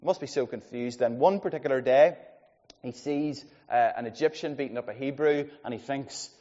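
A man preaching a sermon, his mellow, darkish voice rising to loud emphasis and falling to soft asides. The sound is dull and carries a long reverb from a church hall. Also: medium pitch, normal speed. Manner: lively, swings between loud emphasis and quiet asides. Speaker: pastor.

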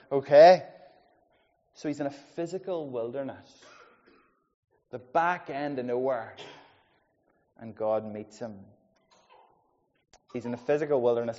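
A man preaching a sermon, his mellow, darkish voice rising to loud emphasis and falling to soft asides. The sound is dull and carries a long reverb from a church hall. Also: mid-range voice. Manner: lively, swings between loud emphasis and quiet asides. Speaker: pastor.

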